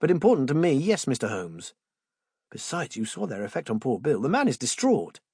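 A man's voice: mid-range voice, huge pitch swings, a little fast, darkish tone, husky, dry recording, studio quality, heavily acted. A man doing an eager, boyish young botanist. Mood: indignant.

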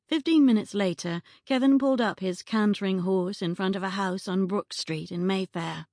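A woman narrating an audiobook in a measured, even storytelling manner, recorded close on a studio mic. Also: medium pitch, dry recording. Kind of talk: scripted narration.

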